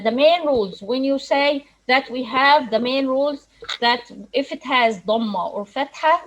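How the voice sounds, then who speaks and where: A woman's voice: high voice, muffled recording. A woman teaching recitation rules in an online lesson, explaining patiently with frequent restarts. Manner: explains slowly with frequent restarts, models Arabic words aloud.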